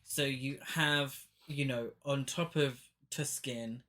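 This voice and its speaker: A podcast co-host in casual chat, talking haltingly with many restarts and making dry, deadpan remarks about a film. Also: mid-range voice.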